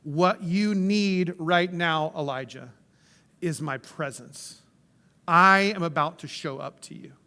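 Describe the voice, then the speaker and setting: A man voicing a calm, patient divine figure who speaks slowly and gently to a prophet. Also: on the high side, long reverb tail, voice pushed down, heavily acted. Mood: tender.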